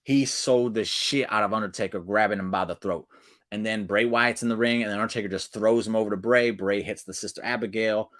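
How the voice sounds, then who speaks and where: A man hosting a casual wrestling recap, talking excitedly in slang and acting out quotes with sudden jumps in pitch. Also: brisk, dry recording, clean studio sound.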